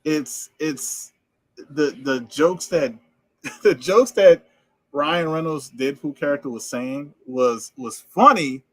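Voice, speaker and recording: A man from Louisiana hosting a podcast in a relaxed, casual chat, often repeating himself and laughing. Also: on the high side, slow, no room sound. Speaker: podcast host.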